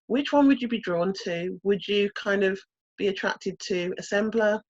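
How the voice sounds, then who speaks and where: A woman's voice: mid-range voice, moderate pace, darkish tone, no room sound. Brummie woman tutor, video call lesson, patient explainer, muffled lo-fi sound. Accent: Birmingham. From Birmingham, England. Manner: explanatory, frequent "um" and "okay?" checks. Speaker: coding workshop tutor. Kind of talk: online teaching presentation.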